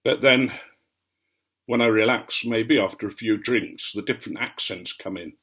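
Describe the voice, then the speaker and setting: A man with a received English accent with a faint Norfolk edge, telling unhurried anecdotes in a rambling vlog with frequent ums. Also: fairly low pitch, fairly bright tone, husky. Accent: mostly received English, light Norfolk. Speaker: vlogger. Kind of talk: rambling anecdotal chat to camera.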